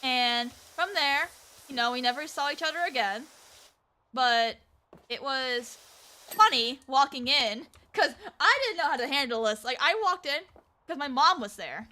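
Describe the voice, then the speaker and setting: A woman with a high, bright voice chats casually on a stream while she plays. She tells a rambling story full of fillers and restarts. She voices the people she quotes along the way. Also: lively intonation, measured pace. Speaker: VTuber streamer.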